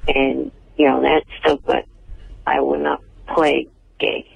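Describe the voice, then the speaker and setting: A man's voice: medium pitch, slow pace, creaky, breathy edge. A man calling in to a radio show as an actor, stubborn and curt, heard over a dry phone line. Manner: stubborn, flat refusals. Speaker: caller, actor.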